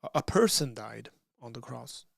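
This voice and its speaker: A man's voice: mid-range voice, lively intonation, moderate pace, creaky, dry recording, clean studio sound. A man hosting a casual livestream, reading out chat questions and answering them in a loose, conversational way with frequent restarts.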